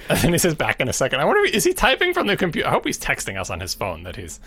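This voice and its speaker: A man's voice: fairly high pitch, a bit bright, husky, no echo. A man co-hosting a casual podcast, wry and teasing as he talks, often laughing. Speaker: podcast co-host.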